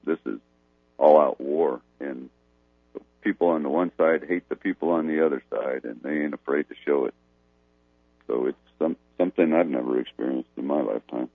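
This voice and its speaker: A man's voice: very deep voice, normal speed, creaky, slightly rough, no echo, phone-quality sound. A man in a casual talk, speaking bluntly and with strong opinions. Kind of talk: casual chat.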